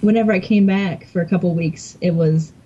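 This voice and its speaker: A woman's voice: fairly low pitch, fairly quick, mellow, husky, highs cut off. A woman from Virginia and New York, a podcast guest joking dryly in casual chat.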